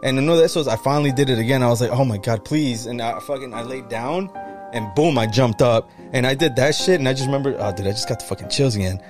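A man telling a story in a casual podcast chat, animated and swearing, slipping into Spanish phrases. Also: mid-range voice, fast talker, music in the background.

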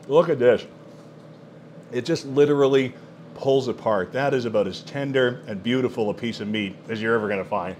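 A man of middle pitch shows off food from a countertop cooker, gushing with excitement and laughing between lines. His talk is loose and chatty, with faint noise in the background. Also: moderate pace. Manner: enthusiastic, exclamatory, laughing often. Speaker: cooking channel host. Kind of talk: product demo cooking vlog.

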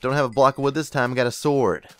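A young man giving casual gameplay commentary as a channel host, excitable and often yelping in surprise. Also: mid-range voice, fast talker, no echo. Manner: excitable, exclaims and yelps often.

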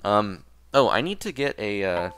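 A man giving relaxed, rambling commentary while playing a cozy video game, often restarting his sentences. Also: lowish voice, normal speed, noisy background. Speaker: gameplay commentator. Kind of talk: casual let's-play commentary. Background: game music.

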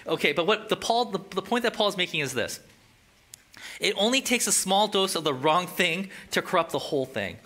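A man preaching a casual, animated sermon, acting out quoted voices and making jokey asides. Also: a little high. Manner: casual and conversational, with filler words. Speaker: pastor.

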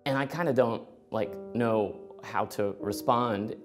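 A middle-aged man tells a true personal story. He acts out the dialogue of everyone in it, keeping a conversational tone, with faint music playing softly beneath his voice. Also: medium pitch, a little slow. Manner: animated, acts out both sides of dialogue.

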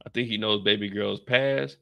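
A young man from the Bay Area hosting a casual TV recap, talking in an animated, profane way. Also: fairly low pitch, normal speed, gravelly. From San Francisco Bay Area. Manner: animated, profane, acts out scenes with shouted put-on lines. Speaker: recap show host.

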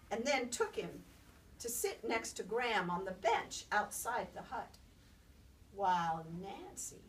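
Slow, lilting woman storyteller. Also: medium pitch. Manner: expressive, lilting, unhurried. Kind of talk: oral storytelling. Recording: distant mic, faint background noise.

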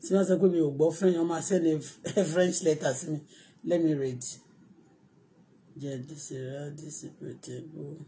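A Nigerian woman with a Yoruba accent hosting her own live stream, ranting excitably and mixing English with Yoruba. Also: low-pitched, normal speed, slight background noise. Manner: excitable, switching between English and Yoruba, bursts of shouting and laughter. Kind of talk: animated live-stream rant.

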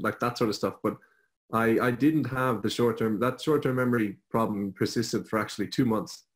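Low-voiced young Irish man telling a story. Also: steady tone, moderate pace, low-quality recording. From Ireland. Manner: jokey, self-deprecating storyteller. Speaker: guest. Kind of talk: storytelling on a live online show.

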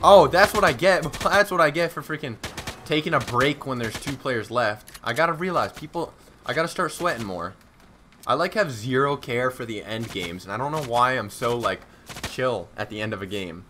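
Excitable young male game streamer. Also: medium pitch, normal speed, slight background noise. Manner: casual, excitable, self-mocking, slangy. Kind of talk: live gameplay commentary.

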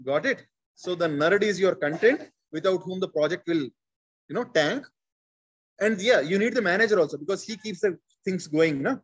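A man in his forties with an Indian English accent leads a public speaking workshop, repeating his key points and calling on his listeners. His voice sits a little high and sounds husky. He talks in an animated, conversational way. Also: normal speed. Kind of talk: conversational training session.

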